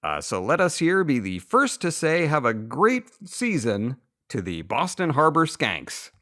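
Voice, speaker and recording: A man's voice: on the high side, a little slow. A man co-hosting a comedy podcast, reading topical joke headlines and laughing at his own punchlines. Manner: lively up-and-down delivery. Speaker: podcast co-host.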